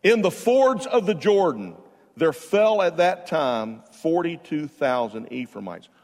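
A man preaching a sermon, telling stories with bursts of loud emphasis and quiet asides. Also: a little high, sing-song, a little slow. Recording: long reverb of a large hall.

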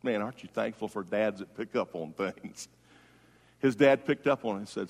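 A male pastor preaching a funeral sermon, swinging from loud emphatic calls to hushed, soft tones. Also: fairly low pitch, moderate pace, long reverb tail.

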